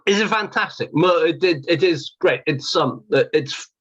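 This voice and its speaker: A man's voice: a little high, normal speed. Hesitant man on a dull, lo-fi line. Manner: hesitant, many fillers and restarts, clears throat. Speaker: podcast host. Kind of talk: casual interview. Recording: dull lo-fi sound.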